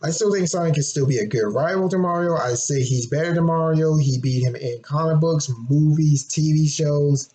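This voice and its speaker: A young man talking casually and rambling, clearing his throat often, his voice a bit hoarse. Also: a little high, moderate pace, hardly any pauses, warm tone, slight background noise, poor audio. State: a little hoarse, throat getting sore. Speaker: fan presenting his game concept. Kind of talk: casual unscripted monologue.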